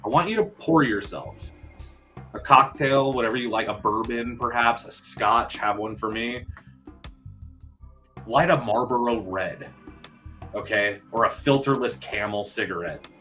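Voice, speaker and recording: A man hosting a live movie news stream, chatting excitedly with viewers and answering their comments. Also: medium pitch, measured pace, pauses often, faint music behind.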